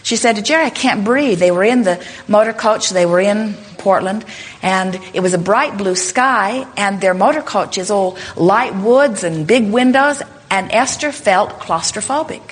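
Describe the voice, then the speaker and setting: A woman speaking to a live workshop audience in a plain, mid-pitched voice. She explains with steady emphasis and often acts out short quoted lines. Her delivery is that of an experienced teacher fielding questions. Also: moderate pace. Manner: emphatic and explanatory, often saying "in other words" and "you see".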